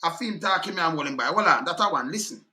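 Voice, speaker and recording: A man's voice: fairly high pitch, expressive, racing, noisy background. A man with a Jamaican accent giving heated, scornful political commentary, firing rhetorical questions and replaying clips.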